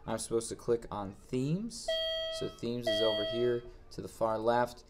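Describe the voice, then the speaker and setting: Guy doing a screen-recorded software tutorial, reads a step then talks thru where to click, plain mid voice. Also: mid-range voice, a little slow. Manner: plain, reads each step then walks through it, thinks aloud. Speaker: instructor.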